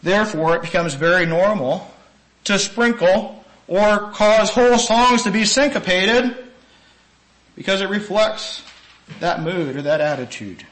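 A man preaching a sermon-style lecture, earnest and emphatic, with sudden rises in pitch and volume and some slowed, stressed phrases. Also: expressive, a bit bright, low-quality recording.

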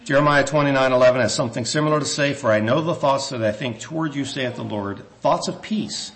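A man preaching a sermon in a church, earnest and measured, with some hesitant restarts, slowing down when he reads scripture. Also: medium pitch, fairly bright tone.

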